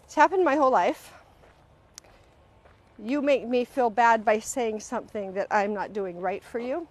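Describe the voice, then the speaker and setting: Expressive woman hosting a live stream. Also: fairly high pitch, a little slow. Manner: animated, acts out quoted voices mid-sentence; earnest, directly addresses viewers. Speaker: host. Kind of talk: live-stream talk on emotional healing. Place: at home, on a live video stream.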